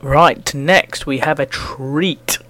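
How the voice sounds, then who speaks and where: A man, the podcast host, briskly introducing the next segment. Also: a little high, fairly even intonation, pushed and bright, a little hiss or hum. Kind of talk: segment announcement.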